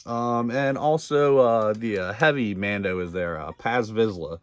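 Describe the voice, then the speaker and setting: Low-voiced male reviewer, loose and profane, lots of fillers, dry close mic. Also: measured pace, clear, resonant tone, dry recording. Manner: rambling, profane, filler-heavy, laughs often. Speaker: video reviewer. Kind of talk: casual episode recap.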